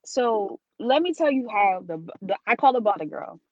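A young woman who works as a blogger, co-hosting a podcast and telling a story in lively, exasperated casual talk. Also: a little high, moderate pace, no echo, muffled recording. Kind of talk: casual chat.

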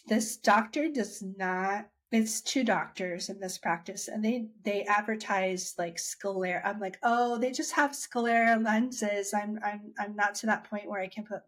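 In a mid-range, steady, slightly bright voice, a woman speaks unhurriedly with few pauses. As an interviewee, she shares her dry eye story in casual conversation, chatty and full of restarts and acted-out quotes.

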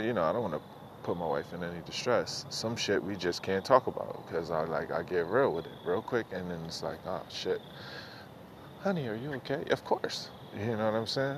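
A man's voice: deep voice, background noise. A middle-aged man, rambling loosely and profanely through a casual solo podcast monologue, often mocking himself. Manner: loose, profane, self-mocking, drifts between thoughts. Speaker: podcast host.

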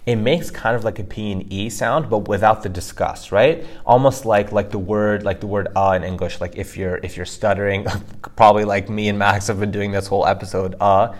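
A man's voice: fairly low pitch, steady tone, a little fast. A man co-hosting a casual podcast lesson, explaining pronunciation and often checking in with "right?". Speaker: co-host teaching pronunciation.

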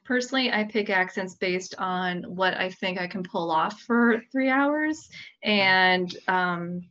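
A woman's voice: medium pitch, takes it slowly, fairly bright tone, lo-fi sound. A woman hosting a casual podcast chat, asking curious follow-up questions and laughing easily.

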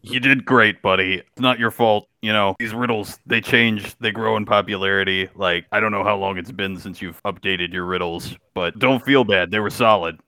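A man's voice: on the low side, fairly even intonation, moderate pace, hardly any pauses, bright, forceful tone, dry recording. A man playing a tabletop game, chatting in a dry, reasonable tone. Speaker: player. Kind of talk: casual chat.

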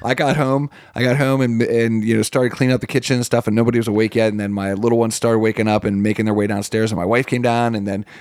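Animated, laughing podcast co-host. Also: male voice, lowish voice, fast talker, hardly any pauses, dry recording. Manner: animated, laughing, jokey storytelling. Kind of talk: casual chat.

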